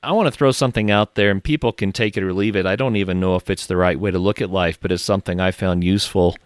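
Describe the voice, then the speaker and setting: Low-voiced reflective podcast host. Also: male voice, steady tone, fast, clear, resonant tone, dry recording, clean studio sound. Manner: reflective, thinks aloud. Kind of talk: conversational interview.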